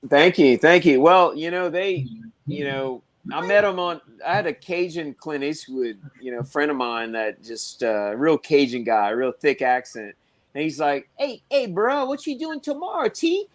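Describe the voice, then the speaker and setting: Rambling man with a slightly high voice. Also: measured pace. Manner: rambling, full of "you know" and restarts; acts out other people's lines in stories. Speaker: pepper breeder, guest. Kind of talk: casual podcast chat.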